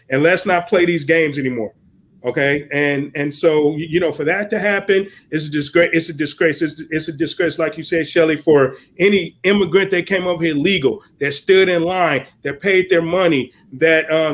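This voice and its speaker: An American podcast co-host launches into heated political commentary, an angry rant laced with swearing. His voice is on the high side and a bit bright.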